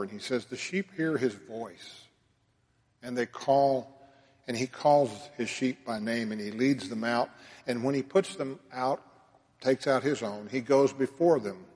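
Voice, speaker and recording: A man preaching a sermon as a pastor, earnest, his voice swelling and dropping in loudness. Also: mid-range voice, slightly rough. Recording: long hall reverb.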